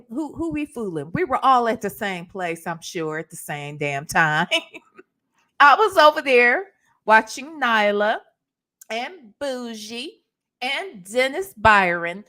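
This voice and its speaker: A woman's voice: sits high, bright, forceful tone. A woman hosting a live stream, chatting sassily with viewers and calling them honey and baby. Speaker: livestream host. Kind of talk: casual live-stream gossip chat.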